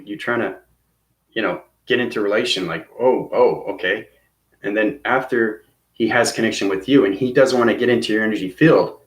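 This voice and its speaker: A man's voice: lowish voice, echoey room. A man giving a rambling spiritual lesson, often stopping to check in with "okay?" and "right?". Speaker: spiritual teacher. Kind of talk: casual instructional monologue.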